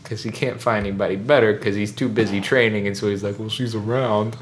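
A man co-hosting a podcast, rambling through an animated, joking recap of a movie. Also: lowish voice, quick pace, slight background noise. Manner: rambling, animated storytelling with laughs. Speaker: podcast co-host. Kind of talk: casual comedic chat recapping a movie.

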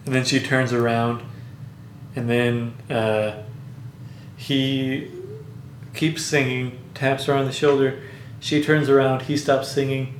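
A man's voice: mid-range voice, flat delivery, slow, long pauses. Rambling man in an echoey room. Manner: rambling, hesitant, many fillers. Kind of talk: casual chat retelling a movie plot. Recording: echoey room, faint background noise.

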